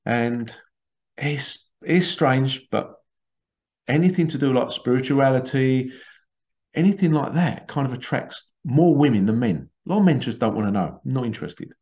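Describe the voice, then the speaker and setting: In a casual, storytelling chat about conspiracies, a man rambles through a long tale, often restarting and acting out quotes. His mid-range voice is slightly mellow, with lively intonation at a normal speed. The recording sounds dull and lo-fi.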